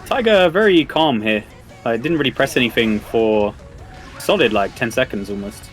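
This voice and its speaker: A man giving relaxed, chatty live commentary on a fighting game tournament. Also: medium pitch, normal speed, faint music behind. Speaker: esports commentator.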